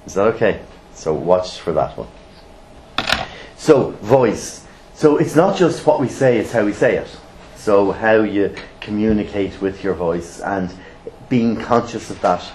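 A blunt middle-aged trainer lectures his class, his lowish voice rising and falling widely. He keeps asking the room rhetorical questions. The recording is roomy and echoey, with faint noise behind him. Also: animated, measured pace, a little mellow. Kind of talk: classroom teaching.

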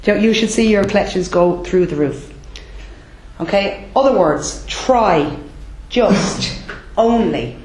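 A woman's voice: medium pitch, takes it slowly. Emphatic Irish woman trainer, roomy sound. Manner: lively, emphatic, frequent "okay?" checks. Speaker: debt collection trainer. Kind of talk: classroom training talk. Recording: roomy echo.

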